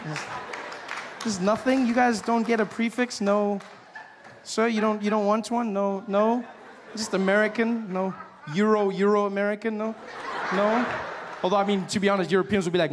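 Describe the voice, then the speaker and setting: A man from South Africa performing a stand-up comedy routine, animated and acting out characters in excited voices. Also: high-pitched, normal speed, a crowd in the background, noisy background.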